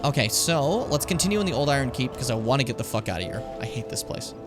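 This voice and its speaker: A young man commenting on his own gameplay in a casual stream, muttering to himself and then yelling at enemies. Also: medium pitch, fast talker, over music. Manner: animated, swings from mutters to yells at enemies.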